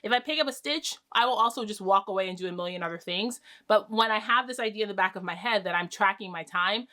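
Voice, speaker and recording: A woman's voice: mid-range voice, fast, bright, forceful tone. A young woman hosting a knitting podcast, chatting casually to camera with lots of fillers and restarts.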